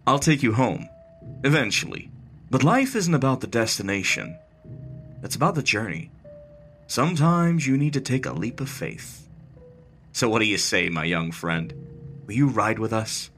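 A man voicing a soft, fatherly phantom bus driver. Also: medium pitch, sing-song, moderate pace, pauses often, slight background noise. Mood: coaxing. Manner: soft, gentle, coaxing. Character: soft-spoken fatherly middle-aged male phantom bus driver, quietly sinister.

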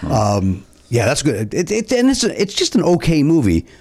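A man's voice: a little high, huge pitch swings, moderate pace, darkish tone. Rambling middle-aged man telling stories. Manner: rambling storyteller, trails off and restarts. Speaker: comedian and co-host. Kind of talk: casual chat.

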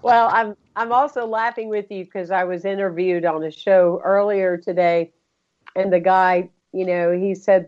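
A woman hosting an interview who asks thoughtful questions in an unhurried way. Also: lowish voice, fairly even intonation, dull audio. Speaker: podcast host. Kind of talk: conversational interview.

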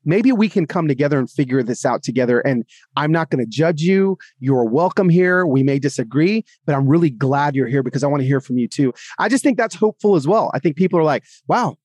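A man's voice: medium pitch, fairly quick, no room sound. A man on a podcast as guest author, telling stories in casual talk and acting out the people he quotes. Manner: animated, acts out quoted voices. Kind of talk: casual podcast conversation, storytelling.

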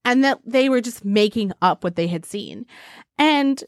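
A woman from Arizona co-hosting a casual podcast, animated, laughing often and swearing freely. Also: a little high, a little slow, no echo, clean studio sound. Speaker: podcast co-host. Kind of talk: casual chat. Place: home.

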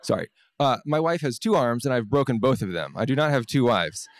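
A man's voice: mid-range voice, very animated, no room sound. Guy telling a funny story about himself, wry, stumbles and restarts a lot, dry close sound. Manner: wry, self-deprecating, with halting restarts. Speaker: storyteller, scientist. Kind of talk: personal story told to an audience.

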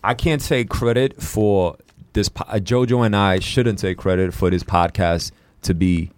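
A young man co-hosting a podcast, chatting casually in slangy, laid-back talk and acting out other people in high voices. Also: steady tone, measured pace, slight background noise. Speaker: podcast co-host.

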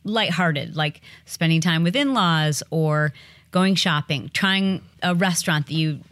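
A woman's voice: deep voice, unhurried. A woman hosting a podcast, chatting casually with her husband and giving earnest advice on relationships. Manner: animated, acts out both sides of stories. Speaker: podcast host.

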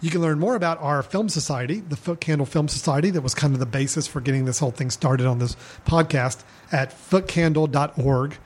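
A man's voice: on the high side, a little fast, few pauses, a little mellow, slightly rough. A man hosting a casual film podcast, talking in an upbeat, loose, chatty way. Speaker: podcast host.

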